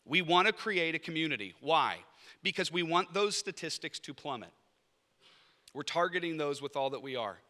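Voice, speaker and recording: Man, professor type, casual funny presentation at a lunch, sharp forceful tone, echoing hall. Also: a little high, expressive, normal speed. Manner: conversational and humorous, acts out quoted people. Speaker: professor leading a master's program. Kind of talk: informal presentation at a lunch event. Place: indoor event room at a lunch. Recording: reverberant hall sound.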